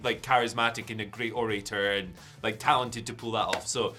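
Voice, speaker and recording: A man with a Scottish accent hosting a casual wrestling news chat, quick and jokey, laughing often. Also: lowish voice, steady tone, sharp tone, faint music behind. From Scotland.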